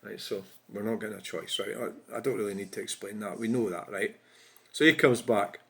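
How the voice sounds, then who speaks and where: A man's voice: fairly low pitch, a little fast, gravelly, fairly bright tone. A man giving casual political commentary as a vlogger, chatty and chuckling, often tagging "right?" and "you know". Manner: chatty, frequent tag questions, chuckles at his own remarks. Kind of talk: casual commentary reading out an online exchange.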